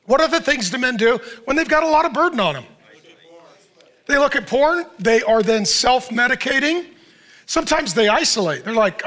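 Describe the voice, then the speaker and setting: A middle-aged male pastor preaches in a loose, conversational style. He fires rhetorical questions at his listeners and acts out what people might say. His voice sits high and sounds bright and forward. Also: animated, fairly quick. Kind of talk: sermon.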